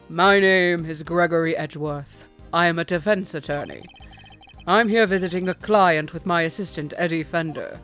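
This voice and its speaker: A woman's voice: fairly bright tone, soft background music. A woman doing a dignified, kindly defense attorney. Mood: courteous. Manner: deliberately deepened, courteous and formal.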